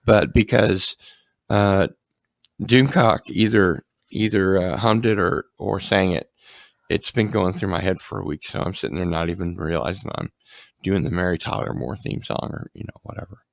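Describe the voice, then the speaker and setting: Low gravelly guy rambling on a live stream, dry close sound. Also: moderate pace, no room sound. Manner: rambling, frequent ums and restarts. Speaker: livestream host. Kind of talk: casual chat.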